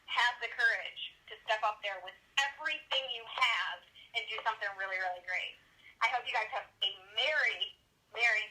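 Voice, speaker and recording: A woman's voice: on the high side, bright, forceful tone, poor audio. A woman guest speaker delivering a motivational pep talk on a team call, her voice dropping at the ends of phrases. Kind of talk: motivational speech.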